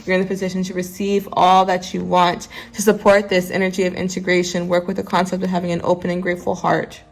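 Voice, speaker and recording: A woman with a lowish voice and a gravelly edge gives a casual tarot reading. She talks chattily to her viewers and slips between reading from the guidebook and offering her own asides. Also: completely flat delivery, fast talker. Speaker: tarot card reader.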